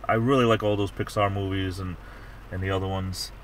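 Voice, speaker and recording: A man's voice: low voice, level tone, brisk, a little hiss or hum. A middle-aged man hosting a livestream, chatting casually in a rambling way with many restarts. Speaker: livestream host. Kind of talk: casual chat.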